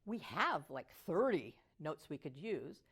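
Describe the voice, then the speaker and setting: Lively older woman voice coach. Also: low-pitched, unhurried, slightly rough. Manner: animated, sings phrases to demonstrate melody. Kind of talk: motivational teaching talk.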